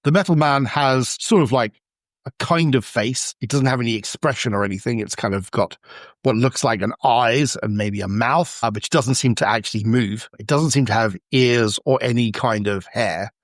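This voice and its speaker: A man's voice: medium pitch, normal speed, no echo, clean studio sound. A man running a tabletop game, narrating the scene in a loose, improvised way full of "sort of" and "like". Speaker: game master.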